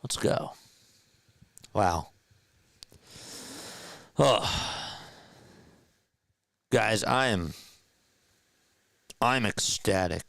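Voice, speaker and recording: A hyped-up man running a live fan play-by-play stream, chatting with his viewers and calling each pitch. His voice is smooth and resonant, recorded close and dry with no room sound. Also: fairly bright tone, no room sound.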